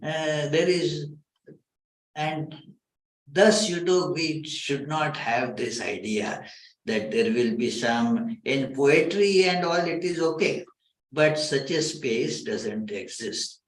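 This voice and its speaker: A man giving a spiritual talk as a swami, speaking haltingly with many filler sounds. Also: on the high side. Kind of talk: spiritual lecture. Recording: roomy hall echo.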